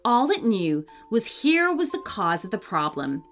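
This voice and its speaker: A woman narrating a children's story in an expressive, animated way. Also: mid-range voice, measured pace, soft background music.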